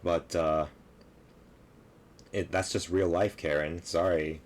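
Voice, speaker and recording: Deep-voiced man mocking a clip. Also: steady tone, slow pace. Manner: laughing, mocking, rambling with many fillers. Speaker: video commentator. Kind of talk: casual reaction commentary.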